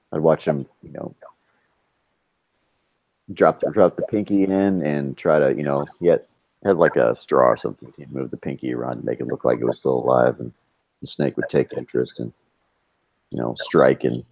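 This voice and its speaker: A man with an extremely deep, gravelly voice talks haltingly and reaches for words. He sounds dry and muffled, as if through a cheap microphone. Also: dry recording. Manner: halting, hesitant with many fillers. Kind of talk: casual chat. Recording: dull lo-fi mic.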